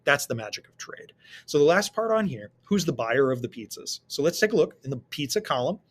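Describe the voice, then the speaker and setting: A man's voice: on the high side, big pitch swings, fairly quick. A man teaching a recorded lesson, walking students through worked problems and answering his own rhetorical questions.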